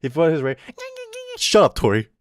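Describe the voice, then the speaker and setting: A man's voice: medium pitch, animated, moderate pace, no echo, clean studio sound. Young streamer guy rambling and cussing, voice jumps all over the place. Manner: rambling, self-mocking, swears a lot. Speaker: VTuber streamer. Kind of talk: casual live-stream commentary.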